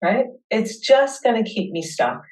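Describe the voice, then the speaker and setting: A woman hosting a webinar, leading listeners through a guided tapping session with slow, soothing affirmations. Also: fairly high pitch, expressive, darkish tone, distant mic, poor audio.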